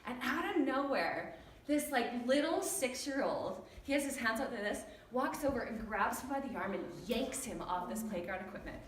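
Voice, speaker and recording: A woman telling humorous personal stories to an audience, animated and acting out the voices of her family. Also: fairly high pitch, normal speed, a little hiss or hum. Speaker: storyteller on stage. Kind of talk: humorous personal storytelling talk. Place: church hall with an audience. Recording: echoey hall, recorded from far off.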